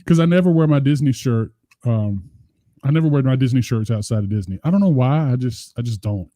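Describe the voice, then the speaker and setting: Middle-aged guy rambling on a podcast, super dark mellow voice, dry sound. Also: mid-range voice, expressive, fairly quick, no room sound. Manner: rambling, profane storytelling. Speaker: podcast co-host. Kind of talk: casual chat.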